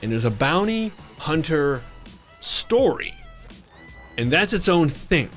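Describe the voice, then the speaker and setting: A male game streamer talking casually to his viewers. His delivery is playful and rambling, full of teasing banter, and his pitch leaps around expressively. Soft music plays quietly in the background. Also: big pitch swings, slow. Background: faint background music.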